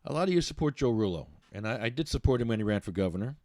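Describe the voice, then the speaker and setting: A man's voice: medium pitch, lively intonation, very fast, a little mellow, dry recording. Blunt man ranting as podcast host. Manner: rambling, blunt, with many restarts and fillers. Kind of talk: casual ranting talk show monologue.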